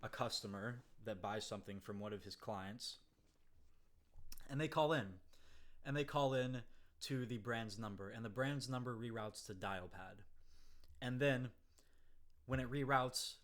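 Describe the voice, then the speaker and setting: A young man casually explaining his software work in a slangy, laid-back way, acting out callers in quick voices. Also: medium pitch. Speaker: software developer.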